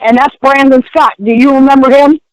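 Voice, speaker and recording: Older woman, high voice, dry close sound, emphatic storyteller, casual podcast guest. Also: fairly even intonation, brisk, no echo, poor audio. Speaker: guest, former wrestler.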